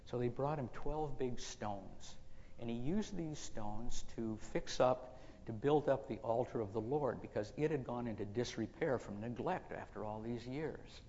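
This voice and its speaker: A man's voice: mid-range voice, unhurried, mellow, big-room sound, dull audio, slight background noise. A male pastor telling a story in a sermon, folksy and conversational.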